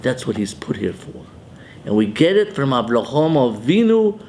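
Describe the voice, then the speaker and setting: A man's voice: medium pitch, very animated, normal speed, a little mellow, slight background noise. An older man, a rabbi, giving a Torah sermon in English sprinkled with Hebrew and Yiddish terms in Ashkenazi pronunciation.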